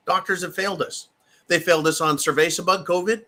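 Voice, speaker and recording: American male commentator, fairly high voice, mocking and profane, delivers solo political rants. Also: fast, bright, forceful tone.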